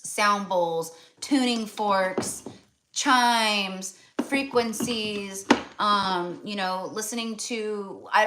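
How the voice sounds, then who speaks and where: A woman's voice: mid-range voice, fairly bright tone, slight background noise. Chatty American woman reading tarot. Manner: chatty, with many fillers and restarts. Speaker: tarot reader. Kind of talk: casual spiritual reading.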